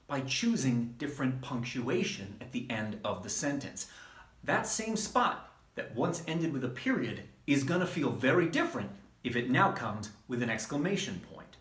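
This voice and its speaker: A man, a wrestling trainer, giving a measured, emphatic instructional talk. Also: fairly high pitch. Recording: roomy echo.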